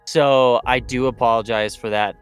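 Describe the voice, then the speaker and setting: A man voicing a smug male hacker who poses as a digital god, speaking in a calm, matter-of-fact way. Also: medium pitch, moderate pace, smooth, faint music behind, natural voice.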